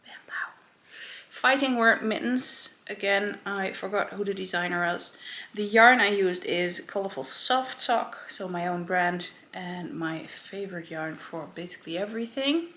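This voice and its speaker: Woman, podcast host, casual show-and-tell, rambling with lots of ums, unhurried delivery. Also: medium pitch, pushed and bright. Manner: rambling, many filler ums, self-correcting.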